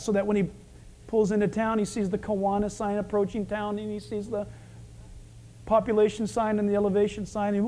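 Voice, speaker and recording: Male pastor, very high voice, lively sermon delivery that acts out scenes. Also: a little fast. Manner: animated, acting out quotes.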